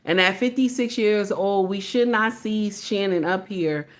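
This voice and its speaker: A woman's voice: mid-range voice, a little slow. Female reaction commentator, emphatic and repetitive, mid-range voice. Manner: emphatic, repeats points, says "okay?" and "baby".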